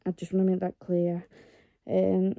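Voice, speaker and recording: A woman's voice: on the low side, monotone, measured pace, vocal fry, dry recording, narrow, tinny audio. A woman vlogging to camera in a casual, rambling way, earnest and encouraging toward her viewers.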